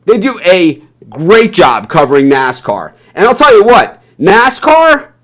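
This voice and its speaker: A man's voice: sits high, wildly swooping pitch, a little slow, a bit bright. A man from the American South hosting a sports news stream, ranting live in a heated, blunt way, swearing often and ending lines with "man". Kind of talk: live impassioned rant.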